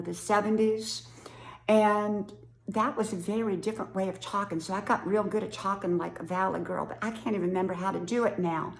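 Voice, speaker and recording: A woman's voice: medium pitch, fairly bright tone, echoey room. A woman in her sixties from West Virginia with an Appalachian accent, chatting casually to camera in a folksy way and laughing often. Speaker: vlogger.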